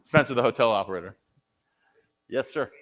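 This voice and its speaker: A man giving a live conference presentation and taking audience questions, talking energetically with many restarts and repeated words. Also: a little fast. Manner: energetic, repeats and restarts often, conversational pitch. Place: conference hall.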